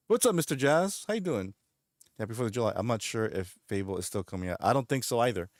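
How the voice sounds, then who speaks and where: A man's voice: medium pitch, animated, moderate pace, darkish tone, no room sound, studio quality. A man streaming, chatting casually while gaming, rambling along and laughing often. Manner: rambling, laughs often, does goofy voices in retold scenes.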